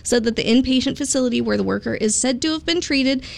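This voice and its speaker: Woman, radio co-host, dry quips, gravelly vocal fry, slightly higher voice. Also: fast. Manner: dry quips, then steady news reading. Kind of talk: casual radio banter and news reading.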